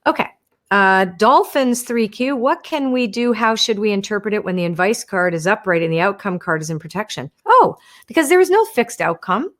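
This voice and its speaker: Woman chatting on a live stream, gentle and talky, keeps asking "right?". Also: mid-range voice, expressive, moderate pace. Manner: warm, chatty, explains gently with frequent "right?" and "you wanna". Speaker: oracle card reader hosting a live stream. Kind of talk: casual teaching live stream answering viewer questions.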